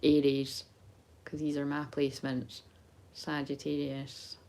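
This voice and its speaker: A woman's voice: sits low, monotone, slow, warm tone, poor audio. A woman, a psychic tarot reader chatting casually on a live stream into her phone, rambling, swearing and laughing as she goes.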